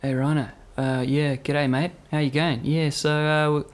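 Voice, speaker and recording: Man doing a laid-back Australian mate, put-on Aussie accent, breezy matey drawl, fairly high voice. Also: level tone, normal speed, lightly acted.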